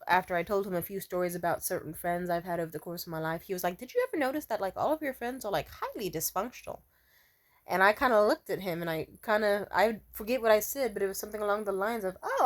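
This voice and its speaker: A young woman chats through a storytime vlog, rambling and looping back on herself with plenty of fillers. She swears bluntly and breaks into laughter often, her tone loose and unpolished. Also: medium pitch. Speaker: vlogger.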